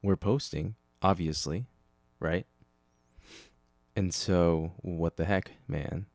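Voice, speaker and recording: Low-voiced man rambling on his podcast. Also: fairly even intonation, slow pace, a little mellow, no echo. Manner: rambling, self-correcting, talks to himself. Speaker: podcast host. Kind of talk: casual solo podcast chat.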